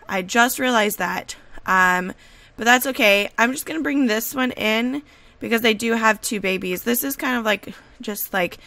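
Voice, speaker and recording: Excitable woman, higher voice with vocal fry, gushing game commentary at home on a desk mic. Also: no room sound. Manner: gushing and excitable, repeated exclamations; rambling with fillers and restarts. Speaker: gaming video creator. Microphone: desk USB microphone.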